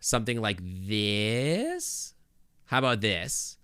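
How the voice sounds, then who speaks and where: A man's voice: on the low side, huge pitch swings, takes it slowly, sharp tone, smooth, no echo. A male game streamer chatting casually with his viewers on a close desk microphone, thinking aloud with lots of restarts and asides.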